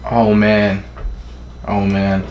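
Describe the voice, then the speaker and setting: A man's voice: on the low side, monotone, darkish tone, slight background noise. Casual young man with an echoey room sound. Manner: casual, profane, forgetful of names, reads panels in quick put-on voices. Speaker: manga reaction streamer. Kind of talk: casual live reaction, reading aloud.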